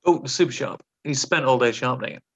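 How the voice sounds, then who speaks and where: A man hosting a comedy podcast, reading out quotes and acting out silly movie lines in a quick, joking way. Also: medium pitch, fairly bright tone, husky. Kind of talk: comedic casual chat.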